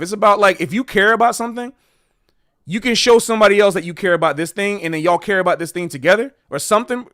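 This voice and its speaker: Earnest, rambling man with high voice. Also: brisk, sharp tone. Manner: earnest, rambling, repeats himself. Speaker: streamer and jazz educator. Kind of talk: casual livestream monologue.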